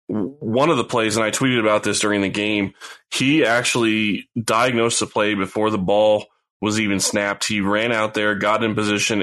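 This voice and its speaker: A man co-hosts a sports podcast and talks through a game in a measured, deliberate way. His voice sits on the low side. His casual delivery stays steady. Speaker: podcast co-host.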